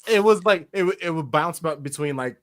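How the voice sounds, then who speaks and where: A man's voice: a little high, a little fast, a bit bright, no room sound, studio quality. A man hosting a casual online soccer talk stream, joking and laughing easily. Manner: laughing, joking, self-deprecating. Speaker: podcast host. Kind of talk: casual chat.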